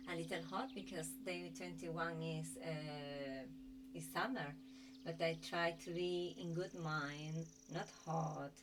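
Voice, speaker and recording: A woman hosting a sound healing stream, chatting casually in halting, non-native English. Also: fairly low pitch, noisy background. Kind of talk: casual live-stream chat. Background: singing bowls and chimes.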